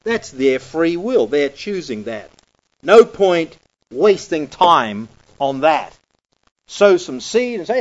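A man preaches in a slow, deliberate way, his voice sitting a little high for a man. He leans hard on key words and then drops almost to a murmur. The recording is dull and lo-fi. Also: big pitch swings. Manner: emphatic, swings between loud and hushed. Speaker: Bible teacher. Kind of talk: conversational sermon teaching.

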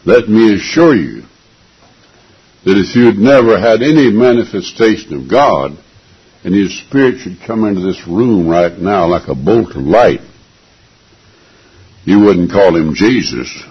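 Gravelly deep-voiced preacher man. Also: animated, measured pace, pauses often, lo-fi sound. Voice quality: gravelly, raspy. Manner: earnest, emphatic, repeats phrases for emphasis. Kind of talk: sermon.

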